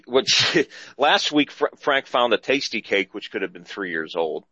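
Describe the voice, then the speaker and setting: A man's voice: medium pitch, very animated, measured pace, bright, forceful tone, breathy edge, no room sound. Guy hosting a podcast, rambles a lot, dry muffled audio. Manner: rambling, repeats himself, trails off. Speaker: podcast host. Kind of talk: casual podcast chat.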